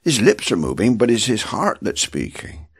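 A man's voice: moderate pace, creaky, husky. A man giving a devotional Bible talk as a preacher, emphatic and repeating words for stress. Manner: emphatic, repeats words, animated swings in pitch.

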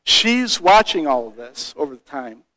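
High-voiced male street evangelist storyteller. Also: moderate pace, dry recording, poor audio. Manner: animated storytelling that acts out other people's voices. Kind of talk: personal storytelling.

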